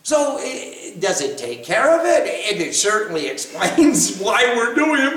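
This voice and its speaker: A man's voice: sits high, very animated, unhurried, a bit bright. A man giving a spiritual discourse and answering questions, playful and self-mocking, often laughing. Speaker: spiritual teacher. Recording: echoey room, picked up from a distance.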